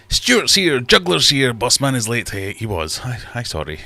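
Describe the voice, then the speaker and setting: A man's voice: medium pitch, huge pitch swings, moderate pace, creaky, hardly any pauses, bright, forceful tone, dry recording. A man hosting a casual livestream from his fish room, rambling and self-deprecating as he reads chat aloud. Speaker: livestream host.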